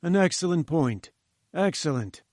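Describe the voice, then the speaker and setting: A man's voice: on the high side, animated, unhurried, a little mellow, no room sound, clean studio sound. A man reading the lines of a pompous, condescending male professor who lectures in a lofty, patronizing manner. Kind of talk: audiobook character voice.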